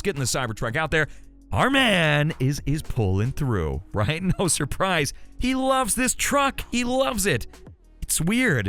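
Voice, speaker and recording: Chatty, animated man with a tired voice. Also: mid-range voice. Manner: chatty, animated, full of restarts and asides. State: tired, strained voice. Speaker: host of an electric car news channel. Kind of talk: casual solo commentary.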